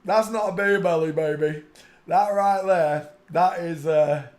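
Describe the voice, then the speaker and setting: A man's voice: a little high, measured pace. A man hosting a live stream, mocking photos he is looking at and often breaking into giggles. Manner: mocking, bursts into giggling laughter. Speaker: streaming channel host. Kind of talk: comedic live-stream commentary.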